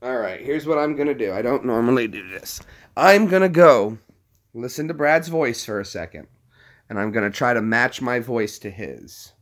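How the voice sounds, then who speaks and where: A man's voice: medium pitch, expressive, normal speed. A man talking casually to his camera as a vlogger, rambling and chuckling as he thinks aloud while clicking around. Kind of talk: casual vlog chat.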